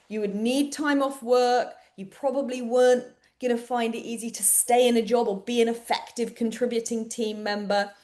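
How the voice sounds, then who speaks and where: A woman with a British accent presenting an explanatory webinar, talking conversationally with fillers and restarts. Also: a little high.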